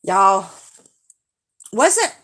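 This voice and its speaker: A woman's voice: mid-range voice, sing-song, drawn-out words, a bit bright. A woman from Alabama with a Southern accent, hosting a casual live stream in a chatty, gushing way as she reads out viewer comments.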